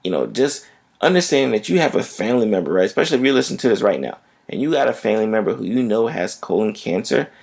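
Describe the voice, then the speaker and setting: A man's voice: lowish voice, animated, fast talker, vocal fry, darkish tone, breathy edge. A man who is a physician, hosting a health podcast in a casual, conversational way and often checking in with "right?".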